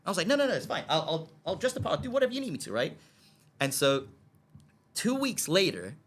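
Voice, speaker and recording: Speaking quickly in a voice on the high side, a man tells a story as a podcast guest. Excitement makes him stammer and repeat words, and he voices the dialogue of the scenes while often checking in with "okay?".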